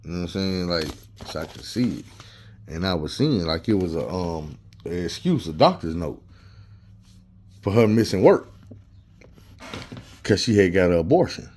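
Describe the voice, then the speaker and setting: Man, low voice, casual storytelling, slangy and profane, acts out quotes. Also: expressive, normal speed, long pauses, a little mellow.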